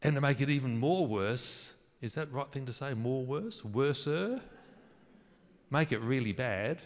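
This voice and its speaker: Speaking a little slowly with lively intonation, a mid-range male preacher chats through his sermon, quizzing the congregation and poking fun at how he phrased things. The recording has a big-room sound.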